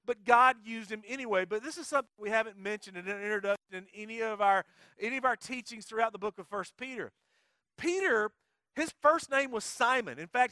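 A male pastor preaching a sermon, playful and energetic, coaxing the congregation to join in. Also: sits high, no room sound, studio quality. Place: church sanctuary.

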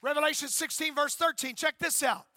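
A male pastor in his fifties delivers a fervent sermon in a church, shouting and calling out to the congregation. His voice sits very high and rings with a sharp, piercing brightness. The sound is dry and close, with little room reflection. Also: fairly even intonation, fairly quick, dry recording, some chatter behind. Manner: fervent, shouting, call-and-response preaching. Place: church sanctuary.

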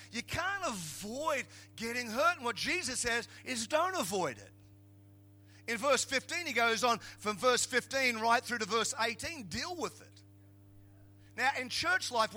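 Speaking at normal speed with an extremely high pitch, a middle-aged Australian man preaches a lighthearted sermon as pastor. He tells his joking stories animatedly, rising to emphatic shouts.

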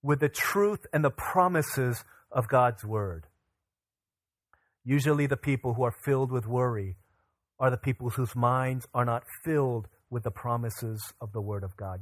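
Guy pastor preaching, mid pitch, pretty dry sound, builds up loud on the big points. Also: dry recording. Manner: earnest preaching, rising and falling for emphasis. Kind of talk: sermon.

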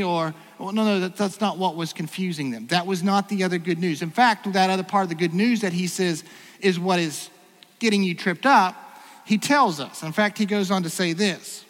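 A man preaching to his congregation with a high, light voice, asking questions and restarting sentences as he thinks aloud. His words ring out with a long reverb in a church sanctuary. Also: normal speed, fairly bright tone. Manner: conversational preaching, rhetorical questions, frequent restarts. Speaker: pastor. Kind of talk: sermon.

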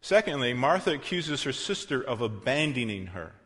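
A man of middle pitch preaches in a loose, conversational way, correcting himself and dropping into asides. He pushes some phrases out loudly and lets others sink almost to a murmur. His voice rings through a long, reverberant hall. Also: sing-song, moderate pace. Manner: swings between loud emphasis and quiet, soft passages. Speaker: pastor. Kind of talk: sermon.

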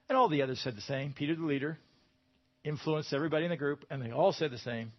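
A man preaching a sermon, his voice a little higher than most men's. He talks to his listeners in a conversational, searching way and grows emphatic when he quotes scripture. The sound is somewhat dull and lo-fi. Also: quick pace. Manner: conversational, rises to emphatic bursts when quoting.

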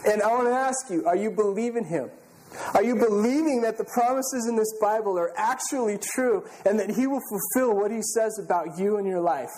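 A man's voice: high voice, moderate pace, darkish tone, rough recording. Earnest man preaching a sermon. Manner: earnest, conversational storytelling with frequent restarts. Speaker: pastor.

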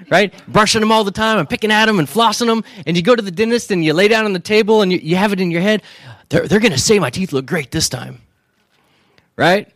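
A man delivering a lighthearted sermon with a noticeably high-pitched voice. He tells comic stories and keeps checking in with the congregation. The sound is dry, with no room echo. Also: fairly bright tone. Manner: joking storyteller who keeps asking the crowd "right?". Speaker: pastor. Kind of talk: humorous sermon.

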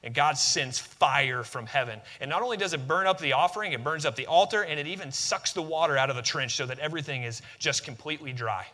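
Bright-voiced man preaching a sermon. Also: on the high side, fast, few pauses, in a large hall. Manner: conversational and emphatic, with rhetorical questions and humor.

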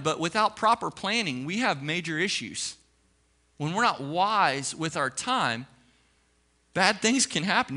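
Male pastor telling a story in his sermon, kinda high voice, acts out the dialogue. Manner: animated storytelling, acting out quoted dialogue.

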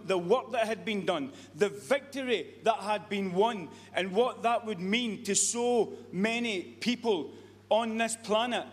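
A man preaching a sermon, earnest and repetitive, often restarting his sentences. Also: sits high. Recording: long reverb of a hall.

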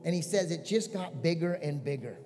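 A man's voice: a little high, lively intonation, brisk, big-room sound, over music. A male pastor giving a sermon, telling a story earnestly and building to a pleading call to his congregation.

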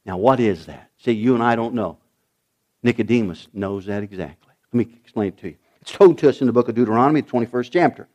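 A middle-aged man preaching a sermon, telling a story with lively, dramatic delivery and bursts of shouting as he acts out the characters. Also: mid-range voice, brisk. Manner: animated storytelling, acting out voices with shouts. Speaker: pastor.

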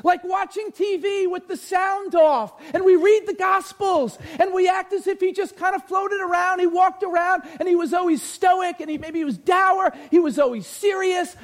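A male pastor preaching a sermon in church, energetic and joking, with emphatic shouted peaks. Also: very high-pitched, moderate pace, few pauses.

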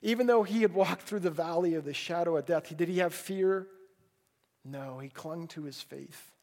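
A man's voice: a little high, moderate pace, darkish tone. A man preaching a sermon at a church service, earnest and pleading, often repeating words as he restarts a thought. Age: adult, a parent. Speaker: pastor.

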